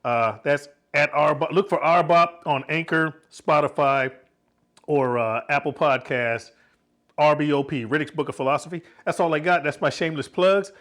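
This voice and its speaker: A man's voice: a little high, normal speed, fairly bright tone. A middle-aged man hosting his home cooking vlog, laid-back and jokey, laughing often as he chats. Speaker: cooking channel host. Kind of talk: casual cooking vlog chat.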